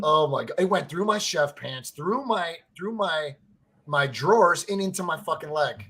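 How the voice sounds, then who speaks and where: A man co-hosting a casual sports podcast, telling stories in an animated way, swearing freely and saying "like" and "right?" a lot. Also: a little high, normal speed, breathy edge. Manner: excitable, fan-to-fan talk addressing listeners as family. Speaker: podcast co-host.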